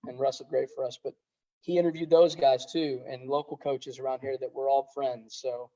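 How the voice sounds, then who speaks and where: A middle-aged man, a high school wrestling coach, talking earnestly in a casual podcast interview, rambling with many restarts. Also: flat delivery, moderate pace, mellow. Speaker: head wrestling coach, guest. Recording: dull lo-fi sound.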